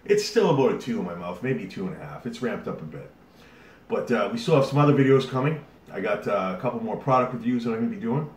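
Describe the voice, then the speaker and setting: A man's voice: mid-range voice, animated, fast talker, far from the mic. A man hosting his own video channel, chatting casually to the camera with a lot of fillers while he sweats from a hot pepper. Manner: rambling, chatty, with many fillers. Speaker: YouTube host. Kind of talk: casual vlog talk to camera. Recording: roomy echo, off-mic, faint hiss.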